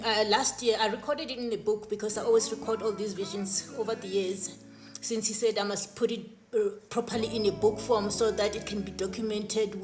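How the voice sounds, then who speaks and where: A woman earnestly recounting her spiritual visions to camera, often restarting and repeating words. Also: mid-range voice. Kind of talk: personal testimony to camera.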